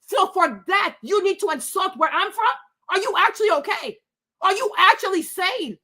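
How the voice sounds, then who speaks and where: High-pitched woman ranting indignantly. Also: animated, moderate pace, sharp tone. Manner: indignant, repeats rhetorical questions, swears. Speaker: livestream host. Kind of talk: heated livestream rant. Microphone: webcam.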